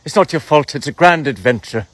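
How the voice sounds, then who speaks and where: A man's voice: a little high, lively intonation, no room sound, voice pushed down. A man doing a soothing older comedian impression. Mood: reassuring. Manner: slow, gentle, reassuring delivery.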